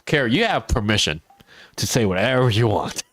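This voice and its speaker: A man's voice: mid-range voice, very animated, brisk, a bit bright, no room sound. A man streaming a farming game, chatting casually with his viewers, answering chat and laughing often. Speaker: teacher. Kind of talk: casual live-stream chat while gaming.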